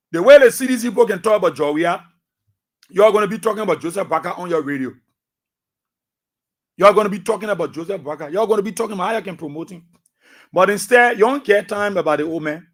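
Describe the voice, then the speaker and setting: Give me a middle-aged Liberian man hosting talk radio, emphatic and high-pitched. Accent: Liberian English. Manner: emphatic, repetitive, swings between soft asides and loud outbursts. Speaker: radio talk show host. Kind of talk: animated radio commentary.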